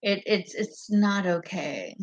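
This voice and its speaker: A woman vlogger talking to her camera in a meandering, profane monologue that often loses its thread. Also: mid-range voice. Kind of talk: rambling casual monologue to camera. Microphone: camera mic.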